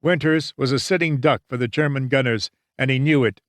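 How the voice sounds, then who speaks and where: Brief: male audiobook narrator, mid-pitch, measured and dramatic, dry studio sound. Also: no echo. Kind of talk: scripted narration.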